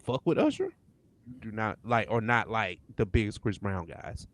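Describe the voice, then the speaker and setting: A man's voice: fairly low pitch, sing-song, moderate pace. A man hosting a podcast in casual chat, laid-back and laughing often. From St. Louis area. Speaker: podcast host.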